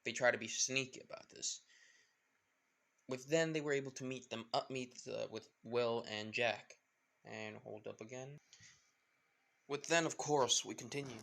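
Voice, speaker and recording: A man's voice: medium pitch, moderate pace, vocal fry, long pauses, fairly bright tone. A man casually retelling a fan story, rambling with many fillers and losing track of names.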